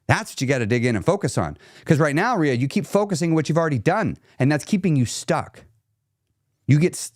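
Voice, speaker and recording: During a live chat stream, a man coaches people on weight loss, speaking bluntly and emphatically and repeating his key points, though he gets quieter when talking about himself. His voice is a little high. The recording is dry and of studio quality.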